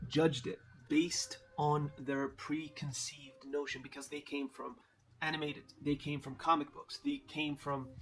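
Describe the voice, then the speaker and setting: A man giving casual, profane, animated commentary as a movie reviewer, slangy and laughing at his own jokes. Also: on the high side.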